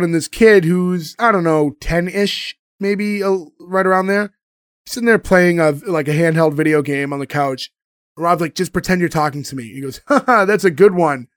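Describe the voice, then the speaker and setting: Male podcast host, high voice, lively storyteller acting out quotes, dry sound. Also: no room sound. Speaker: podcast host recapping a sitcom episode. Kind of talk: casual chat.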